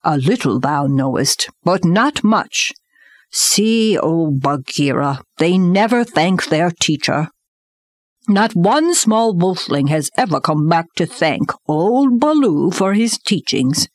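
An old male bear lectures earnestly and slowly, a stern but caring teacher, as a woman reading aloud plays him. The voice sits low and moves with lively ups and downs. The sound is close and dry. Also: no room sound.

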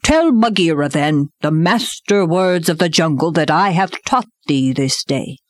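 A woman's voice: deep voice, expressive, unhurried, no room sound, studio quality. A woman voicing an old male bear who teaches sternly, speaking earnestly and in a lecturing way in a storybook reading.

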